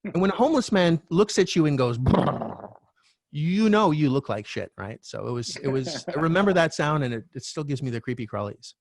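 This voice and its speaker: A middle-aged man, a real estate coach, telling a candid personal story as a podcast guest, animated and swearing now and then. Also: fairly high pitch, fairly quick. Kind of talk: storytelling interview talk.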